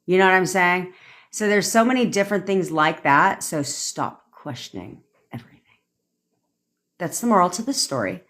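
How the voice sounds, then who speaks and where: A woman's voice: lowish voice, lively intonation, moderate pace, a bit bright. A woman manifestation coach on a livestream, ranting bluntly with swearing and acting out quoted lines. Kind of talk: livestream rant.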